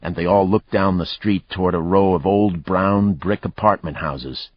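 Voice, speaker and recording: A man narrating a thriller audiobook in a measured, even storytelling manner. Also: low-pitched. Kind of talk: scripted narration. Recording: dry, slightly muffled recording.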